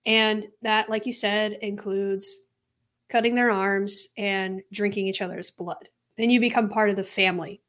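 A woman's voice: medium pitch, fairly even intonation, a little slow, fairly bright tone. A young woman co-hosting a true crime podcast in casual chat, laughing often as she talks. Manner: giggly, laughs often mid-sentence. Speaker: podcast co-host.

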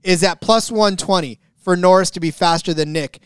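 High, smooth-voiced man bantering about racing bets. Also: moderate pace, dry recording, clean studio sound. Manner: rambling, self-correcting, jokey. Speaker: podcast co-host. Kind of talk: casual sports betting chat.

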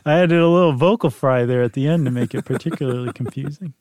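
A man's voice: medium pitch, fast, darkish tone, dry recording, clean studio sound. A man co-hosting a podcast, chatting casually and explaining things in a playful, wry way. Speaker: podcast co-host. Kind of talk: casual chat.

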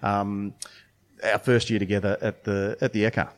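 A man talks in a loose, rambling way, stopping and restarting his sentences. His voice sits fairly low. He sounds like a brewer swapping stories in a relaxed podcast chat. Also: normal speed. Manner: rambling, many restarts and fillers, storytelling. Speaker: brewer and beer judge.

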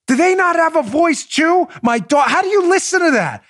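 A middle-aged man from New York delivers heated political commentary in a fairly high voice. He stacks sarcastic rhetorical questions with indignant force. At times he turns soft and confiding with his listeners. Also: big pitch swings, moderate pace, few pauses. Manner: swings to soft, confiding asides. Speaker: podcast host.

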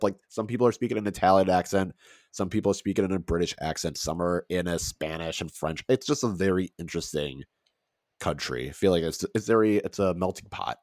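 Very deep-voiced casual podcast man. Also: normal speed, darkish tone, dry recording, studio quality. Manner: rambling, laughs often. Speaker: podcast co-host. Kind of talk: casual chat.

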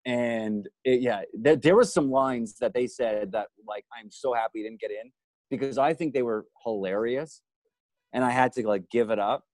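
A man guest on a podcast, telling a story in a self-deprecating way, swearing freely and getting animated as he goes. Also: mid-range voice, normal speed, no room sound, low-quality recording. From Canada. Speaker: guest actor.

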